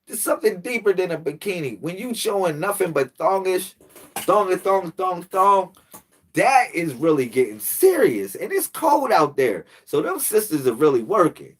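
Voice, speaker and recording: A man's voice: sits high, sing-song, normal speed, fairly bright tone, breathy edge. A man telling a casual, slangy story to the camera, laughing often and jumping into quoted voices. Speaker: spiritual channel host.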